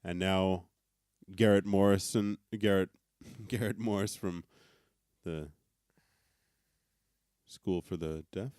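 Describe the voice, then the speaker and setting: A man's voice: deep voice, steady tone, slow, pauses often, darkish tone, clean tone, no room sound, studio quality. A man co-hosting a podcast in casual chat, often stammering over his words and laughing. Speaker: podcast co-host.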